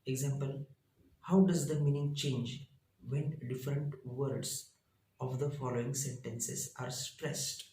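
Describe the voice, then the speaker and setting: A man, a teacher reading his lesson out slowly in short, halting phrases. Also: medium pitch, steady tone, mellow, roomy sound, rough recording. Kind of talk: reading lesson slides aloud.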